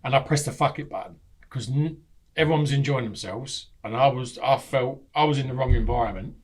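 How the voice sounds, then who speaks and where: A middle-aged man, a podcast guest telling candid stories, animated and swearing freely, acting out what people said. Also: medium pitch, a little fast. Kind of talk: candid storytelling.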